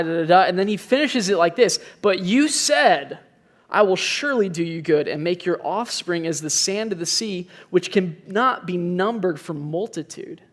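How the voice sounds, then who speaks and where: A young man preaching a sermon in an earnest, conversational way, openly sharing his own struggles. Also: high voice. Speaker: pastor.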